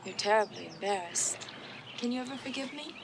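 An actress playing a carefree young heiress in a 1920s period film, talking in a bright, playful, lilting way. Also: female voice, fairly high pitch, animated, brisk, gravelly, a little hiss or hum.

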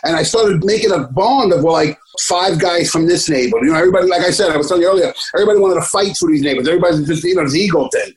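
A middle-aged man from the Bronx speaks with a thick New York accent in a fairly high register. He tells long, rambling, streetwise stories as an interview guest, swearing freely and acting out other people's lines. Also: racing, hardly any pauses, rough recording. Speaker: actor, guest. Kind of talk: casual storytelling interview.

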